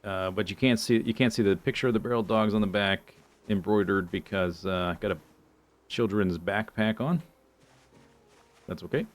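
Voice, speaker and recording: A man's voice: lowish voice, moderate pace. A man streaming a survival game, talking casually to chat, joking dryly and muttering through his inventory. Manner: dry, joking, muttering lists to himself. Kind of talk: casual gameplay commentary.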